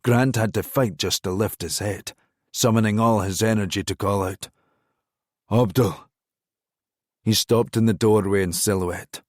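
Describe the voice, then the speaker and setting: A man narrating a crime thriller audiobook in a measured, even-toned reading. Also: fairly low pitch, no echo, clean studio sound. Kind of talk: scripted narration.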